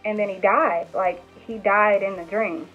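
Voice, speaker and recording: A woman's voice: medium pitch, a little slow. Young woman vlogger telling a story over a tinny line. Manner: animated retelling with acted quotes, many fillers. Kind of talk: casual storytelling. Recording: tinny phone-like sound with faint music.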